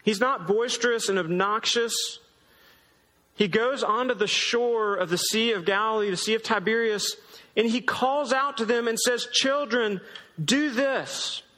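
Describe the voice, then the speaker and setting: A man's voice: sits high, normal speed, bright, forceful tone, in a large hall. A man in his thirties preaching a sermon in a casual, joking storytelling way. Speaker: pastor.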